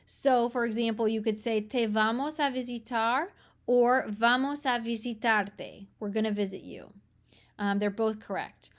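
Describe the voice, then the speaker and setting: A woman teaching a grammar lesson, slowing down to read each example sentence clearly. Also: fairly high pitch. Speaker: language teacher.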